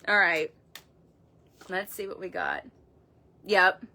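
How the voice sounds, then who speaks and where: Lady doing a tarot reading live on her phone, super bright voice, folksy and emphatic, cusses casually. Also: fairly low pitch. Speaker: tarot reader.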